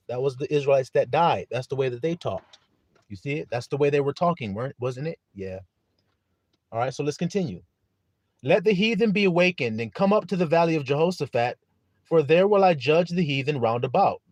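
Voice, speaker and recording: Recorded close and dry with no echo, a man preaches a live-streamed sermon, his pitch soaring and sinking as he rises and falls. Animated, he greets viewers by name, reads scripture, quizzes listeners and laughs often between points.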